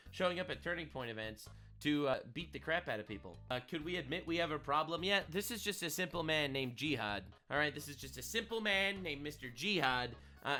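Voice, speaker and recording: Sarcastic, bright-voiced male commentator. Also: a little high. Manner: sarcastic and indignant, repeats phrases. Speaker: online commentator. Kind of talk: casual reaction commentary.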